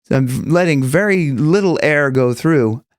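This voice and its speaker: A man teaching singing, explaining casually and breaking into high sung examples. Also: lively intonation, a little slow, no room sound, clean studio sound. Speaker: vocal coach. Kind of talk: singing lesson with demonstrations.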